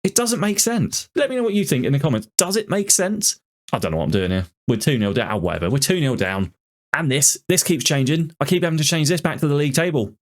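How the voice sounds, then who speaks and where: A man's voice: mid-range voice, big pitch swings, quick pace. A man commentating on his football management game, ranting in exasperation about it. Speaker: gaming YouTuber.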